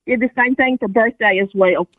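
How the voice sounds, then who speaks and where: A woman with a high voice calls in on a tinny phone line and tells a story in a chatty way. The sound is dry, with no room in it. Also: brisk, dry recording. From Alabama. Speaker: caller. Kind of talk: anecdote told on a call-in show.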